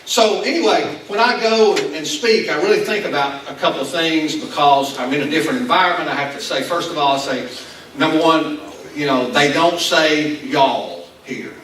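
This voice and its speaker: Rambling Appalachian Southern pastor in an echoey hall. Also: male voice, a little high, moderate pace, fairly bright tone, slight background noise. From Appalachian Kentucky. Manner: rambling, self-deprecating storyteller with many restarts. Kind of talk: conversational sermon. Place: school venue used as church hall. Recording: echoey room from far off.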